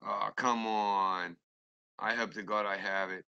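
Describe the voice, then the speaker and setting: A man's voice: on the low side, fairly even intonation, measured pace, creaky, bright, forceful tone, smooth, dull audio. A man ranting on a live stream and answering his chat, angry, rambling and swearing constantly. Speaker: livestreamer talking to chat.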